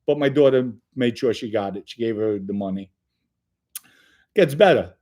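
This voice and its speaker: A man's voice: mid-range voice, normal speed. Middle-aged man rambling through a story. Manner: animated rambling storyteller, swears casually. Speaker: channel host. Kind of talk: casual solo livestream monologue.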